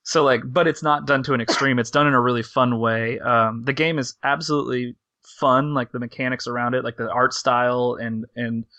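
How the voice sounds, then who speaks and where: Male podcast co-host, bright tense voice, rambly casual talker. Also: mid-range voice, fairly even intonation, fairly quick, hardly any pauses, no room sound. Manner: rambling, filler-heavy, laughs easily. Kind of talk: casual chat.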